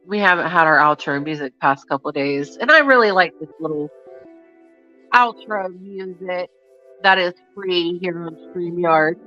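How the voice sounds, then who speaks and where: A woman's voice: on the low side, moderate pace, bright, forceful tone, highs cut off, faint music behind. A woman hosting a casual livestream chat with her viewers. Her throat is sore and scratchy, and she swears freely and blows kisses to the chat. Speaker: livestream host.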